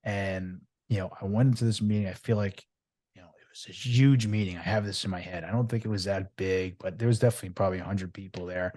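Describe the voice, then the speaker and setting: A middle-aged man, a podcast guest telling his story in a rambling, animated way, with many fillers and restarts. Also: low voice, fast, no room sound. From Long Island, New York. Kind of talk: candid storytelling interview.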